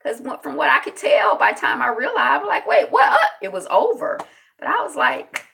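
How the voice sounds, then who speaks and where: A middle-aged woman hosts a relaxed live commentary on the news and talks straight to her viewers in the chat. Her voice sits a bit high and leaps up and down constantly. She now and then bursts into loud exclamations. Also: vocal fry, slight background noise. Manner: chatty, greets viewers in the chat, quick laughs; animated, breaks into loud exclamations. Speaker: host of a news commentary channel. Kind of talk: casual live-stream commentary.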